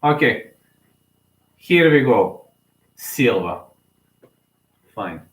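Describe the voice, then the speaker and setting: A man commentates on fights in a casual, unscripted way. He sounds emotional and hesitant, reasoning aloud as he goes. His mid-pitched voice rings in an echoey room. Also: very animated, drawn-out words, a bit bright. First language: Serbian.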